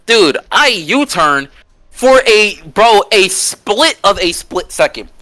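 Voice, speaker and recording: A man telling a long personal story in casual podcast chat, animated and profane and full of slang. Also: sits high, slow pace, no room sound.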